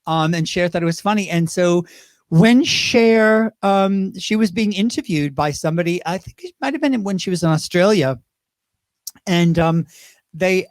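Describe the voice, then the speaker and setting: Appearing as a guest in a casual interview, a man from Great Britain in his fifties who performs in drag tells meandering, chatty anecdotes and drifts into impressions. His voice is high, recorded dry with clean studio sound.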